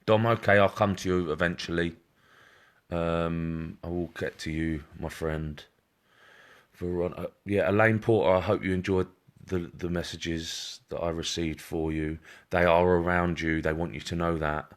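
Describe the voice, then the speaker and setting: Low-voiced man giving live readings. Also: fairly even intonation, measured pace. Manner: repetitive, reassuring, addresses viewers by name. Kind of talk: live-stream psychic reading.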